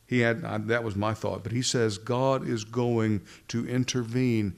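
A man's voice: medium pitch, little pitch movement, vocal fry. Male preacher, expository sermon, leans hard on key phrases. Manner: expository preaching with rising emphasis and slow stressed phrases. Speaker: pastor.

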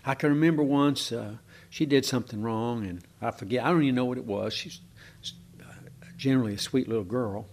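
This drawling preacher talks a little fast in a mid-range, slightly mellow voice. He guides his congregation through a Bible text in an informal, searching way, stumbling on fillers and turning often to ask what listeners think.

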